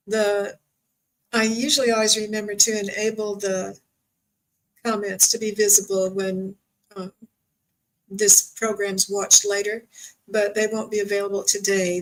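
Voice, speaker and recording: A woman hosting a live-streamed spiritual reading as a psychic medium, speaking softly and gently and drawing out her words. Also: medium pitch, rough recording.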